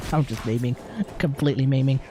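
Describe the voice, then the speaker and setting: A young woman banters on a livestream, teasing her friend and cursing casually. Her pitch swings widely as she jokes. A faint noise sits under the voice. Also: expressive, normal speed. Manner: teasing, joking, swears freely.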